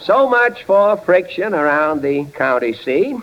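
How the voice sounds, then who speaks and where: A man's voice: high voice, sing-song, a crowd in the background. A man hosting a 1930s radio comedy show, cracking dry jokes in a drawling patter. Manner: dry wisecracking delivery, slow and drawling. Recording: dull 1930s radio broadcast with faint hiss.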